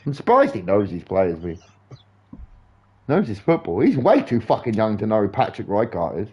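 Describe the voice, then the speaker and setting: A young man streaming a game live, rambling in sweary, animated football banter. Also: lowish voice, moderate pace, muffled recording. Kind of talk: casual chat while gaming live.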